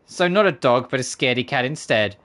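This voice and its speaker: A man voicing a sharp-tongued, scornful elderly woman who runs an inn in a game, with cutting, mocking lines. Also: medium pitch, animated, fairly quick, close to an everyday voice. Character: sharp-tongued, scornful old granny innkeeper. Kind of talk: reading game dialogue aloud with voices.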